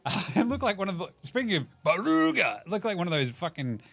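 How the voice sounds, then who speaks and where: A man's voice: sits high, big pitch swings, quick pace, vocal fry, fairly bright tone, faint music behind. A man in his thirties with an Australian accent, hosting a casual sports podcast, rambling and swearing as he jokes and puts on silly voices for quotes. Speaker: podcast host.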